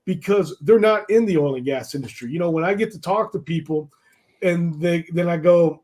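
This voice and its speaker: A man's voice: fairly high pitch, normal speed, darkish tone. Rambling, filler-heavy male podcast co-host. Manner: rambling, storytelling, many fillers. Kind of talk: casual chat.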